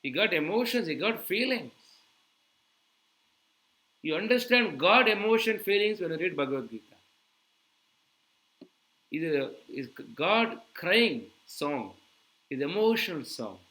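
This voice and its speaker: Throwing quick rhetorical questions at his audience, an animated preacher delivers his sermon in a bright, forceful, somewhat high voice. The recording is rough.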